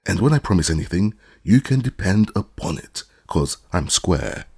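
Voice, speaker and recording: A boastful, good-natured beast brags about itself in a rough, gravelly voice, as a man voices it for an audiobook. The tone sits low and husky and swings widely as he boasts. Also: sing-song, normal speed, a little mellow, heavily acted. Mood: cheerful. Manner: proud, self-important bragging. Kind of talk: audiobook character reading.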